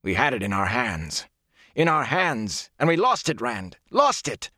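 A man voicing a proud, middle-aged warrior lord who speaks sternly and breaks into anguished shouting, in an audiobook. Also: on the low side, animated, normal speed, dry recording, studio quality, voice pushed up. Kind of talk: audiobook character voice.

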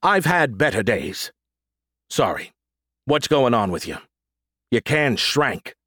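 A man's voice: mid-range voice, very animated, slow pace, pushed and bright, no echo, clean studio sound, exaggerated voice. A man voicing an arrogant, sarcastic male alien AI in an audiobook, snarky and theatrical. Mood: weary. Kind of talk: audiobook character voice.

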